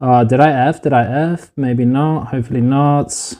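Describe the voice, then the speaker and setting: His voice is mid-range and warm, with a steady tone and a normal pace. He's live-streaming his cooking from a home kitchen on a phone, chatting casually, swearing freely and calling the viewers "boys."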